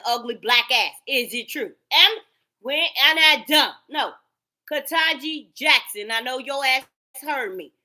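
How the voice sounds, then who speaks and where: Woman going off at the camera, cussing a lot, bright cutting voice kinda high. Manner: profane, rambling, heated. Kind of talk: ranting straight to camera.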